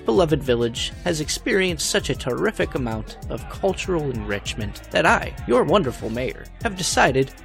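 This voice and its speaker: A man's voice: on the high side, big pitch swings, moderate pace, gravelly, few pauses. An actor playing a smug, sanctimonious male cartoon mayor who makes pompous speeches. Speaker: town mayor. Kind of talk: animated cartoon acting. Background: music.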